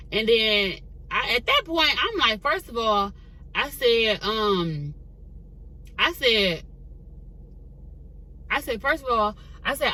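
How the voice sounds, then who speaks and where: Chatty young woman with a bright voice. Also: mid-range voice, poor audio. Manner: chatty, animated, addresses viewers as "girl". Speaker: vlogger telling a story. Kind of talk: casual storytime chat. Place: parked car.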